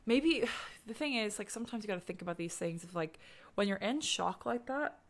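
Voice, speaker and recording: A woman's voice: medium pitch, animated, fairly quick. A young woman hosting a podcast, telling true-crime stories in a chatty, rambling way, swearing and using lots of fillers. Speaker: podcast host. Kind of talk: casual true-crime storytelling.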